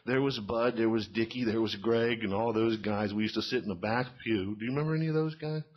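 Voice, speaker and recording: A man's voice: lowish voice, quick pace, dull audio. A middle-aged man telling folksy stand-up stories and quizzing a live audience in a small cafe. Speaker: comedian.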